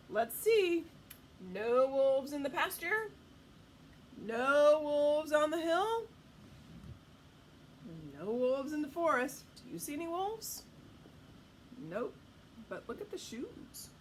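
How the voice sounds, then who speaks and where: A woman's voice: high voice, a little hiss or hum. A woman reading a picture book aloud to children at storytime, stopping often to ask the listener questions. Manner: animated, asks the listener questions. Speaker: storytime reader.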